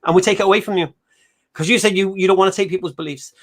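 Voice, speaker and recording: A man hosts a livestream chat. He talks quickly and animatedly, in a high voice, and acts out the quotes in his stories. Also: fairly even intonation, fairly bright tone. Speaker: host.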